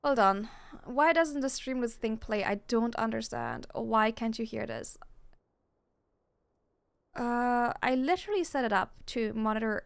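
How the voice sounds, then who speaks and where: High, gravelly-voiced chatty woman streamer. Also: measured pace. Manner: chatty and easily flustered, talking to herself. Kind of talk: casual live-stream chat.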